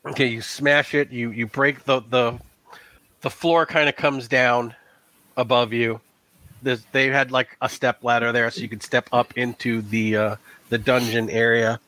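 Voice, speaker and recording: A man's voice: medium pitch, level tone, unhurried, pushed and bright, no echo. A man narrating a tabletop game as game master in a casual, rambling way, with lots of "like" and "um.".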